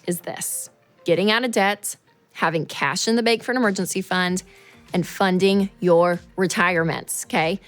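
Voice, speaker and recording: A woman in her thirties hosting a show, talking through money advice in a casual, animated way and acting out quotes. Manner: animated, chatty, acts out quotes in a higher voice. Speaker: show host.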